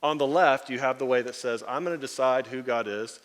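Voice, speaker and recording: A pastor preaches to his congregation with a lively storyteller's delivery, slipping into the voices of the people he describes. His voice sits at an ordinary middle pitch for a man. It rings with the long reverb of a church hall. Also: brisk. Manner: animated storyteller acting out quoted voices, laughing. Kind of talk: sermon with storytelling. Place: church sanctuary.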